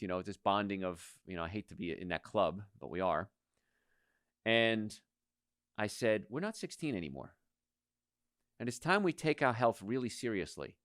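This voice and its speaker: A man in his sixties hosting a radio health talk show, emphatic and animated, rattling off lists. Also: low-pitched, clear, resonant tone, dry recording, clean studio sound.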